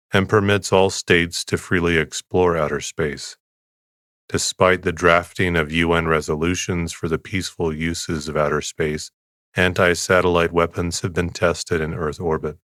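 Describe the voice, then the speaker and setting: Soothing deep-voiced man reading for sleep. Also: measured pace, no echo, clean studio sound. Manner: soothing, calm and even. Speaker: podcast host. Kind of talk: slow sleep-podcast reading.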